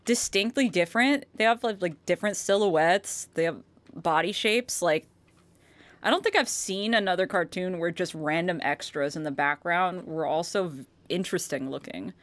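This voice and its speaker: A woman hosting a casual reaction video, gushing excitedly and swearing freely. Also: lowish voice, normal speed, no echo.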